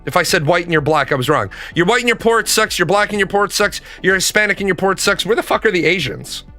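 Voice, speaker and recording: A man rants casually, swearing freely and repeating lines for emphasis. His voice sits high with a bright, forceful tone. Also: quick pace, faint music behind. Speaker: commentator. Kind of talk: casual profane rant.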